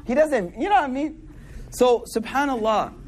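A man's voice: very high-pitched, expressive, moderate pace, a little hiss or hum. A man giving a casual sermon. He tells stories in a slangy, conversational way and keeps asking the audience questions. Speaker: Muslim speaker giving a talk.

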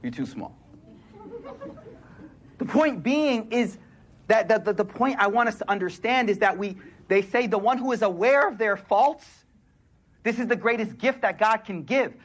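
A man's voice: sits high, moderate pace. A man preaching a sermon in a casual, slangy way, repeating key phrases for emphasis. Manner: casual, street-slang delivery with emphatic repetition.

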